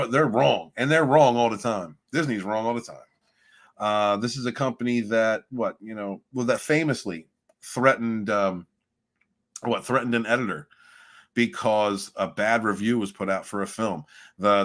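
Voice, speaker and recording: A man hosting a livestream, reading viewer chat and ranting in a rambling, profane way with loud swings of emphasis. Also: lowish voice. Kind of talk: casual rant and chat.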